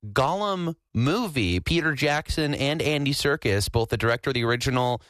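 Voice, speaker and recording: A man's voice: mid-range voice, animated, normal speed, a bit bright, no echo. A man hosting a morning radio show, chatting casually and laughing easily. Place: radio studio.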